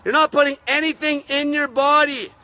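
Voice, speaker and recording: A man hosting a live stream, ranting aggressively and swearing constantly, his voice wearing raspy. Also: very high voice, steady tone, normal speed, sharp tone, no echo. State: voice getting raspy from talking. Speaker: fasting channel host.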